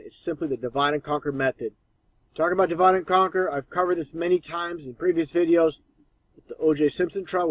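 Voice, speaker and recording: A man comments over old clips in a scornful, emphatic way. His voice sits fairly high for a man and sounds dry and close, with no room around it. He pushes hard on his points. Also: no echo, muffled recording.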